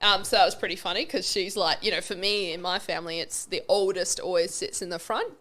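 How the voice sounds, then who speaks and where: Woman, interview guest, animated storytelling, casual swearing. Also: on the low side, a little fast.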